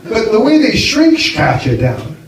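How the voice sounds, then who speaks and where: A man's voice: high voice, huge pitch swings, slow pace, creaky. An American man doing a chatty, self-mocking stand-up set on stage, often laughing at his own lines. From United States. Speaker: stand-up comedian. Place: comedy club stage with a live audience. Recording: far-off echoey club with crowd. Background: audience laughter.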